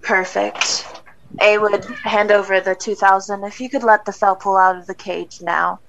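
A woman playing a tabletop game, speaking in a calm, businesslike way. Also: medium pitch, moderate pace, gravelly, lo-fi sound, background noise. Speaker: player.

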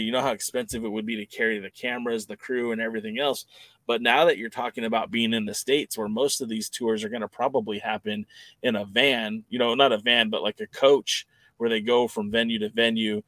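A man co-hosting a podcast in an easy, chatty way. He rambles and backs up to fix his words as he goes. His voice sits at an ordinary middle pitch and sounds close and dry, with no room around it. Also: a bit bright, dry recording. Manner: rambling, opinionated, self-correcting. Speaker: podcast co-host. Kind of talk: casual chat.

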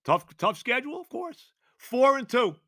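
An older man hosting a sports podcast, ranting loudly and exasperated, hammering points with shouted repetition. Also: extremely high pitch, big pitch swings, normal speed, no room sound, clean studio sound. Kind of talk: sports talk rant.

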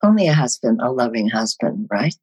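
An older woman, a guest actress, telling animated stories on a podcast with a husky voice. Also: extremely low pitch, fairly quick, poor audio. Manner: animated storyteller. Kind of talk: podcast storytelling.

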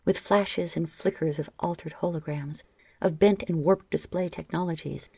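A woman reading an erotic story aloud as audiobook narration, often sinking into a soft whisper. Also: lowish voice, steady tone, normal speed, creaky, breathy edge, no echo. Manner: soft, frequently dropping into whispers.

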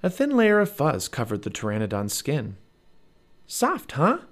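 A man narrating a children's storybook aloud as a parent, with an expressive read-aloud delivery. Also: mid-range voice, brisk.

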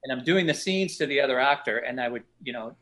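A middle-aged actor telling casual, animated stories from past shoots in an interview, often acting out other people's lines. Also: male voice, mid-range voice, quick pace. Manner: animated anecdotes, voices other people in quotes. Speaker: actor guest.

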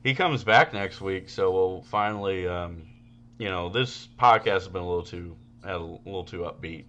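A man co-hosting a casual podcast, telling animated stories with loud, laughing outbursts. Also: low voice, normal speed, highs cut off. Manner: animated storytelling, bursts into loud laughing shouts. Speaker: podcast co-host.

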